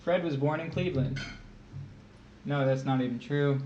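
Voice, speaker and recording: A man with a fairly high voice runs a tutoring live stream in easygoing chat, joking and playing with words. His voice sounds a bit dull and roomy, with faint noise in the background. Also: moderate pace, darkish tone. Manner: jokey, playful with words.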